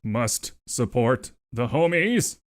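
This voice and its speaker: A man's voice: medium pitch, sing-song, slow, dry recording, clean studio sound. A man live streaming who chats casually with his viewers, rambling, swearing freely and thanking them over and over. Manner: rambling, profane and effusively thankful.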